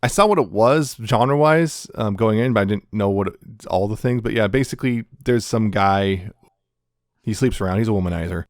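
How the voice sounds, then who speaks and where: A man's voice: fairly low pitch, no room sound, studio quality. A man co-hosting a casual podcast, rambling as he recaps anime plots. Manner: rambling, recaps plots with quick acted quotes and laughs. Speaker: podcast co-host. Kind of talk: casual chat reviewing anime.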